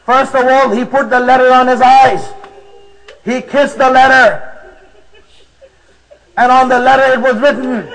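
A man's voice: very high voice, fairly even intonation, normal speed, pauses often, a bit bright, rough recording. A man preaching to a congregation, retelling a story with emotion and drama. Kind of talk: sermon storytelling.

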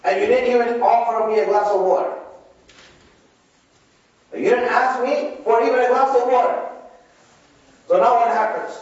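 A man's voice: extremely high pitch, steady tone, normal speed, pauses often. A man preaching a sermon to his listeners, repeating key lines and asking them rhetorical questions. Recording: echoey, distant, dull lo-fi hall recording.

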